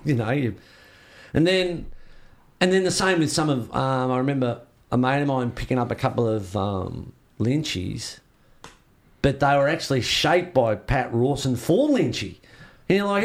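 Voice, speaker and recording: A man's voice: mid-range voice, lively intonation, normal speed. A man with an Australian accent, a surfboard shaper, telling rambling stories in a casual interview and acting out the reactions he quotes.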